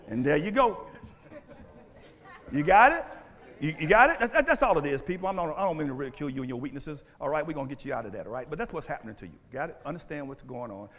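A male pastor preaching a sermon in church on a mic, animated and full of call-and-response questions. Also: on the high side, long reverb tail. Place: church sanctuary. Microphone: handheld or stand mic.

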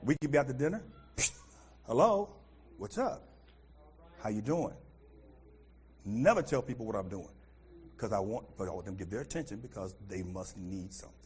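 A middle-aged American man preaching a sermon as pastor, animated, swinging from loud outbursts to quiet asides. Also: fairly low pitch, normal speed, pauses often. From United States.

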